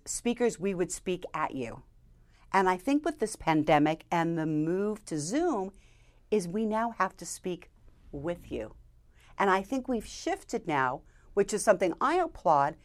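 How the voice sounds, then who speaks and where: A woman, a keynote speaker, giving interview advice in an animated, emphatic way. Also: a little slow. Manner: animated, emphatic delivery with lively pitch swings. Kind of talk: conversational interview, coaching tips.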